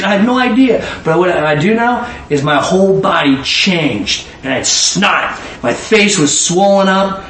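High-voiced man preaching in an echoey room. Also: normal speed, few pauses. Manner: animated, swings from low musing to high emotional exclamations. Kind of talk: informal Bible teaching. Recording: echoey room, mic at a distance, faint ambient noise.

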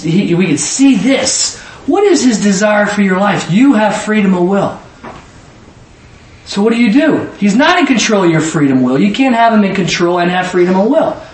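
A man preaching a sermon in a church hall, animated, sometimes rising to a shout and acting out both sides of conversations. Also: high voice. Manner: animated, rising to shouts, quoting people in dialogue. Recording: echoey room from far off, faint noise.

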